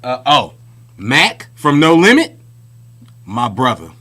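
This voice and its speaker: A man with a bright, forward voice talks casually as a podcast co-host. His storytelling is chatty and full of slang. His pitch sits in an ordinary middle range. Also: huge pitch swings, slow, husky. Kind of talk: casual chat.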